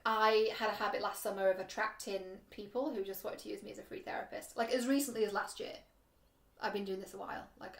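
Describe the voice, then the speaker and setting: Chatty British woman, echoey room. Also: medium pitch. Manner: chatty, frank, swears casually, many "like" fillers. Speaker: dating coach and vlogger. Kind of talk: casual advice to camera.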